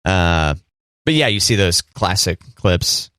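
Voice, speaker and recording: A man's voice: sits low, animated, slow pace, fairly bright tone, clean tone, no room sound, studio quality. A man in his thirties co-hosting a podcast, teasing dryly and laughing often in casual chat. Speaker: podcast co-host.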